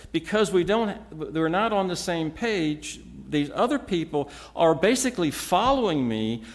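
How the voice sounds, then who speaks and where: Slow, lively-pitched male preacher. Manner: measured, emphatic teaching with frequent restarts. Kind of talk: expository sermon.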